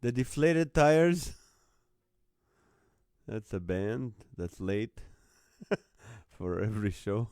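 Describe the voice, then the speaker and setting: Broadcasting a call-in comedy stream from his phone at home, this man reads out joke band names sent by viewers and can't stop laughing. His lowish, slightly mellow voice is animated, with drawn-out words and frequent pauses. The audio is studio quality with no echo.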